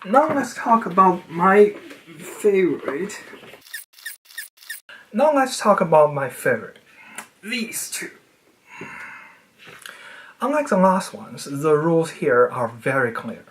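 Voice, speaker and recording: A speaker giving a casual educational monologue about language, explaining with a playful, nerdy manner that swings widely in pitch and trails off quietly at the ends of phrases. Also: big pitch swings, slow pace, long pauses.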